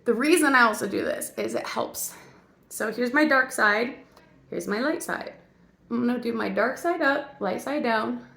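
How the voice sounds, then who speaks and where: A woman's voice: on the high side, sing-song, normal speed, gravelly, sharp tone. A woman, an actress and mom, chatting playfully to her viewers as she walks them through her makeup routine. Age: adult parent. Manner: silly, chatty, talks straight to viewers. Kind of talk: casual makeup tutorial.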